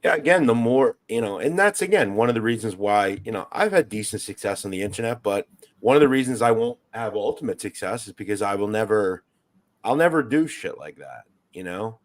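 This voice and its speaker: A man's voice: on the low side, animated, brisk. A man talking in a casual chat, reflective and conversational.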